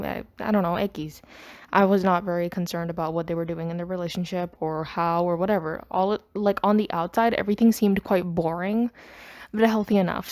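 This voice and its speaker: A woman with a medium-pitched, darkish voice hosts a podcast, rambling chattily through a personal story in a casual storytime monologue.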